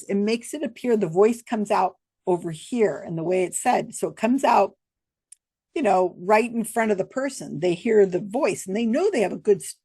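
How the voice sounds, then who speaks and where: A woman's voice: mid-range voice, gravelly, dark tone, husky, no room sound. An American woman hosting, telling a story to camera in a chatty, rambling way and laughing often.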